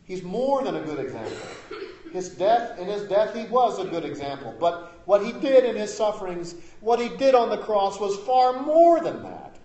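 A man preaching a sermon as pastor. He is emphatic, rising to loud declarations and dropping to quiet asides. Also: sits high, very animated, moderate pace, roomy sound, poor audio.

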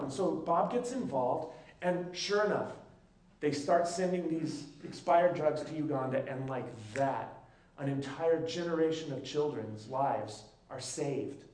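A man's voice: on the high side, measured pace. A male pastor telling a story in a sermon, acting out the voices of the people in it. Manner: lively storyteller who acts out the dialogue. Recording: echoey room, mic at a distance.

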